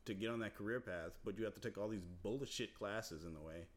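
A young man co-hosting a casual podcast chat, animated and swearing freely. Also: lowish voice, brisk. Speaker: podcast co-host.

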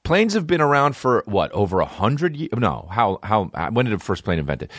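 Profane, animated male comedian ranting. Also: fairly low pitch, a little fast, few pauses, no echo, studio quality. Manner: profane, rambling, animated rants. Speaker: comedian podcast host. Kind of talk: casual comedy podcast monologue.

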